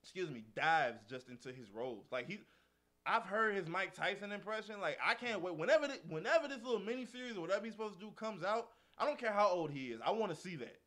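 A young man co-hosting a casual podcast chat, animated, laughing often and acting out quotes. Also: sits high, fast talker. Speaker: podcast co-host.

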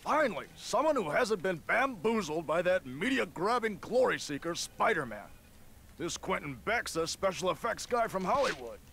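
An actor playing a scornful, blustering middle-aged newspaper boss in a video game, with a gravelly voice heard under game audio and music. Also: male voice, sits high, very animated, normal speed, fairly bright tone, heavily acted.

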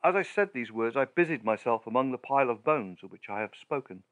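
This gothic tale is read aloud by a male audiobook narrator, mid-pitched and animated. His delivery is slow and deliberate, with every sentence carefully shaped and timed.

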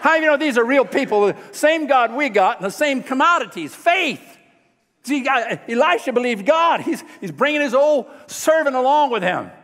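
A male preacher telling a Bible story in a sermon, lively and folksy, often asking the congregation questions. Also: extremely high pitch, moderate pace, long reverb tail. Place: church sanctuary.

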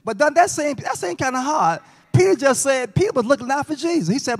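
A man's voice: extremely high pitch, animated, a little fast. A man teaching a Bible lesson in church, folksy, joking with and quizzing the class. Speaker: Sabbath school teacher. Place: church sanctuary. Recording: long church reverb.

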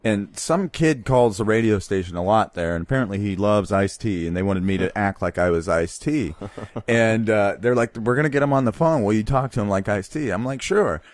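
A young adult man, a comedian guest on a podcast, telling stories in an animated way and slipping into impressions. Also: lowish voice, fairly quick, no echo. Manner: animated storyteller who slips into impressions. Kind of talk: casual podcast chat.

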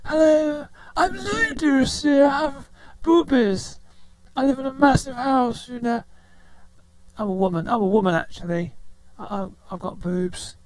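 A woman's voice: measured pace, a little mellow. A woman using a voice changer to voice a boastful grown lady. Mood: showy. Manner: showy, jokey. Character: posh grown woman showing off. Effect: voice changer pitched up.

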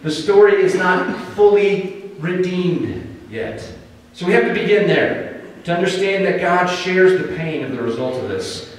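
An American man preaching a sermon as pastor, telling the story in a conversational, animated way with dramatic pauses. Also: sits high. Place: church sanctuary. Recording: echoey hall, distant mic.

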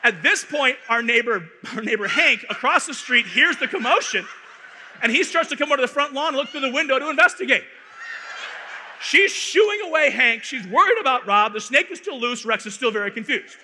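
Bright-voiced man telling a comic story. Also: very high-pitched, a little fast, slight background noise. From Arizona. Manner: animated, playful, building comic tension. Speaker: conference speaker. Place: large conference hall. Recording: echoey hall reverb.

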